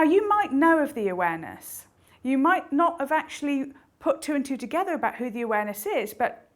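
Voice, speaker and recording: Lively high-voiced woman giving a motivational talk. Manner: lively, animated, explanatory. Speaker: speaker on intuition.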